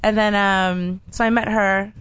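Soft-spoken woman guest telling a story. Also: mid-range voice, little pitch movement, measured pace, smooth. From Los Angeles. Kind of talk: casual chat.

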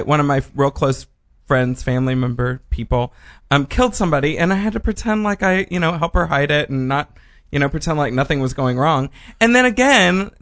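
A woman co-hosting a talk radio show in relaxed, hesitant banter full of ums. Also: deep voice. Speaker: radio co-host.

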